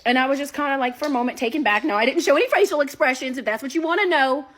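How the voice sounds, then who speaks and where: A woman telling a story in a casual, animated way, talking straight to her listeners and swearing freely. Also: high voice, very fast. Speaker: storyteller recounting a date.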